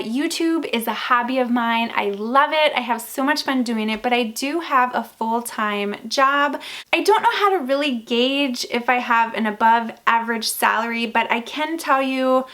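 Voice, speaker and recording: A woman's voice: on the high side, a bit bright. Bubbly, chatty woman in her forties. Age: 40s. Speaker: lifestyle YouTuber. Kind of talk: casual chat to camera.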